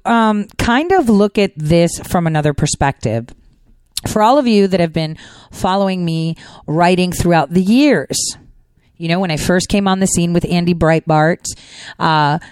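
A woman hosting a political commentary show, talking fast in a chatty, rambling monologue full of fillers. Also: lowish voice, a little mellow, clear, resonant tone, dry recording. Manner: talks fast. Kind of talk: casual monologue.

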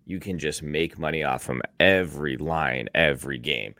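Deep-voiced, cynical cussing man. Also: moderate pace, no echo. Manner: cynical, swearing, expressive. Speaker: podcast co-host. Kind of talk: casual sports chat.

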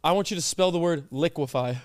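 A man's voice: on the high side, fast talker, no echo, studio quality. A young man co-hosting a podcast in casual chat, teasing and quizzing his friend. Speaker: podcast co-host.

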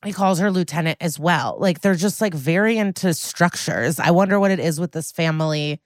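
A woman with a low voice recaps a TV episode on her podcast, wry and snarky, swearing casually as she goes. Her voice is recorded close and dry, with no room sound around it. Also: fairly quick, dry recording. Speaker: podcast co-host.

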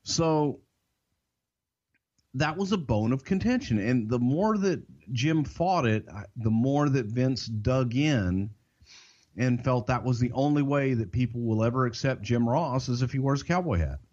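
A man with a Southern US accent, telling wrestling stories on a podcast in a drawn-out, emphatic, salty way. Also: mid-range voice, expressive, a little mellow. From Southern United States. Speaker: podcast co-host and wrestling insider. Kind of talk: casual storytelling. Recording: dull lo-fi podcast audio.

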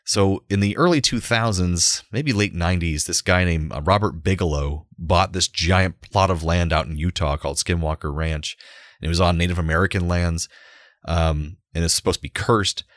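Low-voiced, laughing podcast co-host man. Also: normal speed, no room sound, studio quality. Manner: animated storyteller, laughs often. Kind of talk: casual podcast chat.

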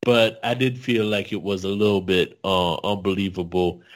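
A man's voice: low voice, flat delivery, normal speed. A man co-hosting a podcast, giving a thoughtful, hedging take with frequent fillers. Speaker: podcast co-host. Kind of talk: casual podcast discussion.

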